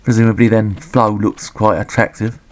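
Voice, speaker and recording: A man giving sweary, deadpan, sarcastic commentary on a retro game. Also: on the low side, normal speed.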